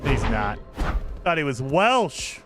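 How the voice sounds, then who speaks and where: Excitable man streaming a game. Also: mid-range voice, takes it slowly. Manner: excitable, rambling asides. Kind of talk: live gameplay commentary. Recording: over game music.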